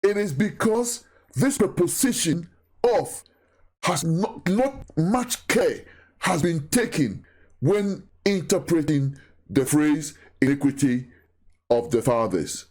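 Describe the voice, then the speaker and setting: A man giving a recorded Bible teaching, who talks deliberately, repeats key phrases and asks his listeners questions. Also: fairly high pitch, lively intonation, a little mellow.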